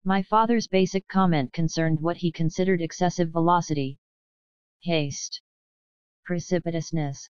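A woman narrating a novel as an audiobook in an even, measured first-person reading. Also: lowish voice, clean tone, dry recording, dull audio.

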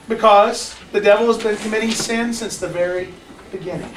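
A children's church teacher telling a Bible story to kids in a lively way and asking them questions. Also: medium pitch, moderate pace, noisy background. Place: church classroom. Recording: echoey room, far from mic.

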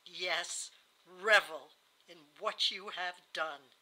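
A woman voicing a bitter, feverish dying wife who speaks haltingly and cries out in anguish. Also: lowish voice, pushed and bright, pitched below the performer's own voice, exaggerated voice, low-quality recording.

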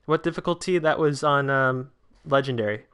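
A man's voice: medium pitch, moderate pace, clean tone. A nineteen-year-old man hosting a casual livestream, chatting with viewers and reading their comments aloud. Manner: chatty, answers chat, bursts out excitedly at big chances. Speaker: livestream host.

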